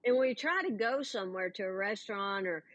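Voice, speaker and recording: A woman's voice: mid-range voice, animated, brisk, fairly bright tone, lo-fi sound. A woman co-hosting a chat podcast, speaking earnestly and carefully qualifying what she says. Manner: earnest, explains and qualifies her points. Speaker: podcast co-host. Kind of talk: casual chat.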